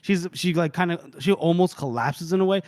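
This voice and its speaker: A man's voice: high-pitched, brisk, a little mellow, dry recording. A man co-hosting a podcast, recapping a novel in rambling casual chat with many restarts. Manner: rambling, with frequent restarts and quoted lines. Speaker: podcast co-host.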